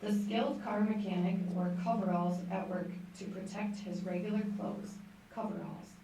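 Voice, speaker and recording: A woman giving words, definitions and example sentences at a school spelling bee in a calm, measured way. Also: mid-range voice. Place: large school room. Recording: echoey room from far off, faint noise.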